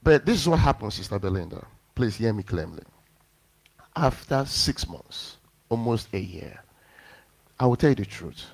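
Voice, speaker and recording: A man's voice: on the low side, normal speed, pauses often. A male pastor preaching a sermon, telling a personal story and acting out the lines of the people in it. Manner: animated storyteller acting out quotes.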